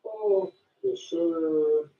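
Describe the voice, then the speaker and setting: A man's voice: a little high, drawn-out words, warm tone, lo-fi sound. A man streaming from a crowded public place, talking offhand and muttering to himself. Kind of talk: casual live commentary. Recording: echoey, distant from the mic.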